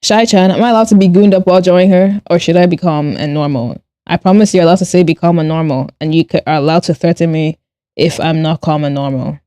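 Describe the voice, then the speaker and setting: Mellow-voiced woman chatting on a stream. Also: on the low side, no room sound. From Nigeria and Ireland. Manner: animated and quick to laugh, with blunt swearing. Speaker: streamer and artist. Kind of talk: casual livestream chat, reading chat aloud while drawing.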